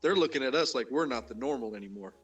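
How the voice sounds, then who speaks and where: Man, from Utah, casual storytelling, animated, a bit distant from the mic, faint music. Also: fast, breathy edge, muffled recording. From Utah, USA. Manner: animated storyteller, jumps much higher for quoted lines.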